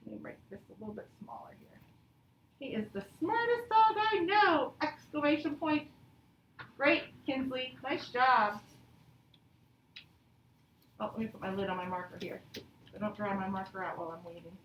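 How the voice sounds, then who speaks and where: A woman teaching a grammar lesson to young pupils, patient and encouraging, reading example sentences out slowly. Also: medium pitch, fairly even intonation, fairly bright tone. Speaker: elementary school teacher. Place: classroom, also streamed to pupils at home. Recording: echoey classroom from far off.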